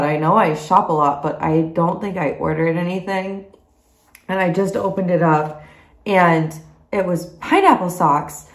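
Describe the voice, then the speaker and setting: A woman's voice: lowish voice, echoey room. A young woman speaking in a personal video diary at home, emotional and crying, laughing through her tears. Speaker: vlogger.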